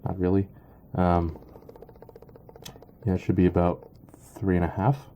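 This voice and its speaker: Hesitant deep-voiced man. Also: monotone, muffled recording, a little hiss or hum. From Canada. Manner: hesitant, halting, full of ums and uhs. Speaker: knife reviewer. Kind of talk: casual product review.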